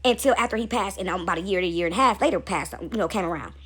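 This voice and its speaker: A woman's voice: medium pitch, racing, a bit bright, slightly rough. A woman speaking to camera in a casual spiritual monologue. She keeps asking "right?" and repeats phrases for emphasis. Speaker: spiritual video host.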